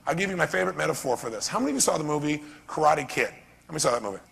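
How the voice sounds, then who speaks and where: Casting: animated male motivational speaker, rapid and bright, quizzing a crowd. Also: fairly high pitch, gravelly, husky. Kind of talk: live seminar talk. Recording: long reverb of a seminar hall.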